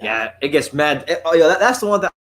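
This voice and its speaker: A man's voice: a little high, animated, fast, a bit bright. A man hosting a live boxing reaction stream, talking in a joking, chatty way and often repeating words as he starts sentences. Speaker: host. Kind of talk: casual live fight reaction chat.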